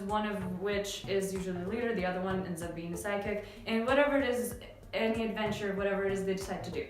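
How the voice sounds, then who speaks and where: A young woman from Canada, explaining English phrases in a relaxed, chatty lesson with many fillers. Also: on the high side. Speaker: English teacher. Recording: very echoey room with faint music.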